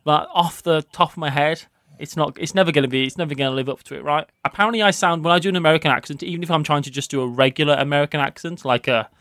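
A young British man from the West Midlands with a softened accent, chatting casually as a podcast co-host in a rambling, quick way. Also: on the high side, no room sound. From West Midlands, England. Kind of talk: casual chat.

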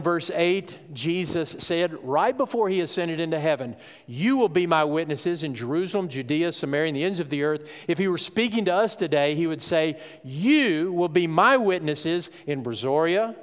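A man, a pastor giving a conversational sermon full of "okay?" asides and brief pauses. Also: a little high, big-room sound.

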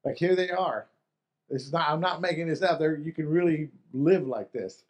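A man's voice: fairly high pitch, moderate pace. A man preaching a sermon in an earnest way, often restarting phrases and asking the listeners rhetorical questions. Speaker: pastor.

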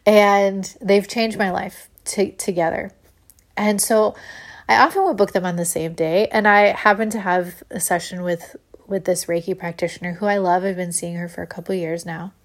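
A woman telling a personal story to listeners in a lively, animated way, laughing often as she speaks. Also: mid-range voice, moderate pace.

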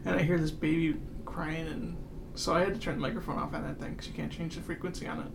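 A man's voice: a little high, steady tone, fast, vocal fry. A man telling anecdotes in a casual talk, with casual swearing. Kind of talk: casual podcast chat. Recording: noisy background.

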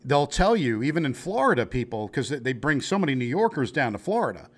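A male host with a New York accent chats loosely and opinionatedly over a remote call. His voice sits at an ordinary middle pitch. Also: big pitch swings, fast talker. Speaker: show host. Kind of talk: casual interview chat.

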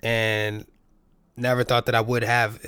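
A man's voice: mid-range voice, flat delivery, measured pace, a bit bright, smooth, no echo. A man, from the Bronx, telling a rambling, profane story full of tangents as a podcast host. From New York City, the Bronx. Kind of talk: casual monologue.

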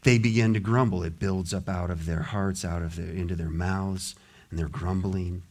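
A man preaching a sermon in a church, lively and often acting out the voices of a grumbling crowd. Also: deep voice, moderate pace. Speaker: pastor. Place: church sanctuary.

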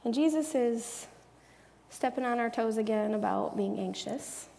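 Woman Bible teacher, slightly high, gravelly and warm; earnest, chatty delivery in a reverberant space. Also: measured pace. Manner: earnest, chatty, drops into soft hushed asides. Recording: long echoey reverb.

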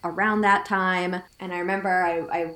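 A woman's voice: lowish voice, fairly even intonation, normal speed, pushed and bright. A woman in her thirties telling a personal story in a casual, chatty way, full of "like" fillers and quoting herself. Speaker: guest sharing her story. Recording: roomy echo.

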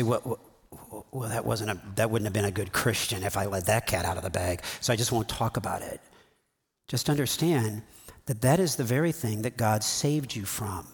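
A middle-aged male pastor giving a sermon in a conversational, animated way, acting out quotes as he teaches. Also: lowish voice, slightly rough.

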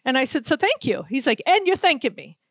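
Lively woman telling a story, higher voice. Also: brisk, no room sound. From Boston. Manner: lively anecdotes with acted-out quotes and laughter. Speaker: sports reporter, podcast host. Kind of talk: casual storytelling chat.

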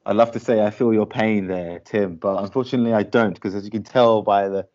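A man with a very low voice chats casually as a podcast co-host. He laughs easily and fills his talk with ums and you-knows. The audio is dull and lo-fi, like a call recording. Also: fairly even intonation, fairly quick, a little mellow. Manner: chatty, laughs easily, frequent fillers. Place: lives in Shanghai.

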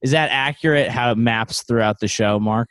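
A man's voice: medium pitch, normal speed, fairly bright tone, smooth, no echo. Joking man chatting over a video call. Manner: joking, does goofy mobster voices.

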